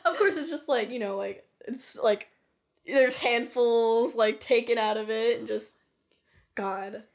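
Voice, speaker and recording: A woman's voice: on the high side, measured pace. A woman co-hosting a podcast in casual chat, giggling often, swearing freely and saying "like" a lot. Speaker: podcast co-host.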